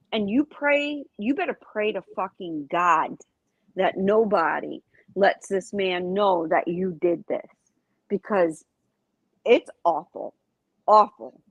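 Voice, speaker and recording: A woman's voice: medium pitch, lively intonation, takes it slowly, fairly bright tone, no echo, lo-fi sound. A woman in heated casual livestream chat, speaking bluntly and indignantly with plenty of profanity.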